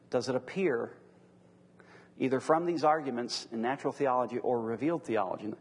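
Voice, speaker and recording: A middle-aged man teaches a church class and keeps pressing the group with earnest questions. His voice is husky and a little breathy, and he sits at an ordinary middle pitch. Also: big-room sound. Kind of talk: leading a church class discussion.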